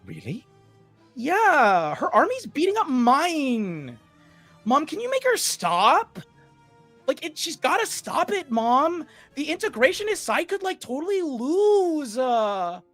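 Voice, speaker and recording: A man's voice: very high voice, huge pitch swings, slow, fairly bright tone, dry recording, soft background music, pitched above the performer's own voice, exaggerated voice. A man voicing a young boy who whines and pleads as he tattles to his mother. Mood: whiny. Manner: whining, pleading.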